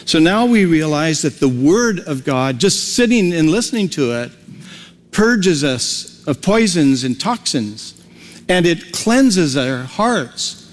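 A man's voice: fairly high pitch, sing-song, takes it slowly, big-room sound. A male pastor preaching a sermon in a folksy, conversational way, with homely everyday examples.

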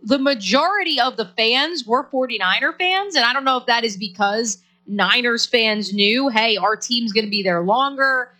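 A woman's voice: fairly high pitch, expressive, normal speed, few pauses, sharp tone. A woman co-hosting a sports radio show, chatting playfully and trailing off into restarts. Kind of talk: casual sports radio chat.

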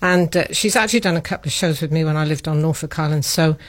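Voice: medium pitch, fast. A radio presenter from Britain chatting casually on air. They are a friendly co-host who often chimes in to agree.

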